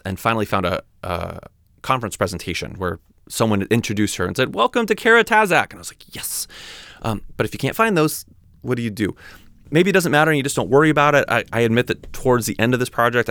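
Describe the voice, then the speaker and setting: A man with a lowish voice and a gravelly, creaky edge talks casually as a podcast host. He rambles in a chatty way, full of fillers and restarts. The recording is dry and close, with no room echo. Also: a bit bright. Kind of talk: casual reflective talk.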